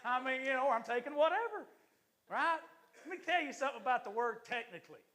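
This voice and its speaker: A man, an assistant pastor, preaching a lively, joking sermon to his church congregation. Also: very high-pitched, fast.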